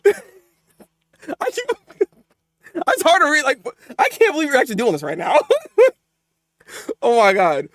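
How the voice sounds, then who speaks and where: Man, live reaction streamer, excitable, laughs a lot, lively pitch. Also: unhurried, long pauses, no echo, clean studio sound. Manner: excitable, laughs often, talks to chat. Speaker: streamer reviewing manga live.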